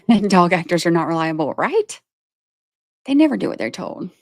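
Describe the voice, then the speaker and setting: A woman's voice: fairly low pitch, sing-song, normal speed, no echo, studio quality. A woman from Georgia, chatting casually on her livestream and laughing often as she talks to her viewers. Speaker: livestream host.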